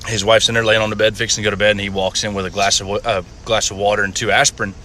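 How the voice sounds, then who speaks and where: A man telling crude, profane jokes with deadpan setups, from inside a car. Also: lowish voice, very fast, slight background noise. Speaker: comedian. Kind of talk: stand-up joke telling.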